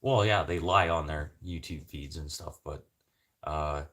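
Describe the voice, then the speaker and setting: A man from Canada hosting a casual livestream chat, swearing freely and rambling between topics with sudden loud bursts. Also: extremely low pitch, a little slow, a little hiss or hum. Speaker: livestream host.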